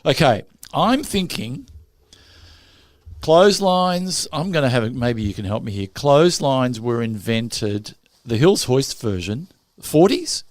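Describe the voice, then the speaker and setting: A man's voice: mid-range voice, very animated, unhurried, no room sound, studio quality. An Australian man hosting a podcast, guessing aloud in a playful, jokey casual chat. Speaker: podcast host.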